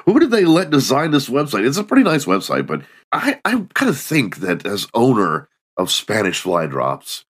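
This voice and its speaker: A man's voice: mid-range voice, wildly swooping pitch, normal speed, few pauses, a bit bright, husky. A middle-aged man hosting a solo comedy podcast, sarcastic and mocking, acting out little scenes. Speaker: podcast host.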